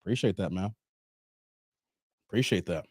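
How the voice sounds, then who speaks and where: A man's voice: low voice, moderate pace, darkish tone, slightly rough, no room sound, clean studio sound. A man hosting a livestream commentary, emphatic and rambling, who repeats himself and uses a lot of slang. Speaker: YouTube commentary host. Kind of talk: livestream commentary with donation shout-outs.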